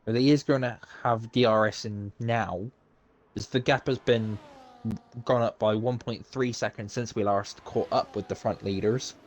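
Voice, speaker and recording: A man doing live commentary on an online racing league, chatty and a bit halting, with frequent ums and laughs. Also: on the low side, fairly even intonation, slight background noise. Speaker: race commentator.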